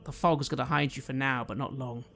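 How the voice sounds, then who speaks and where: Guy running a tabletop game, calm measured narration, faint music behind. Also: mid-range voice, vocal fry. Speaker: game master.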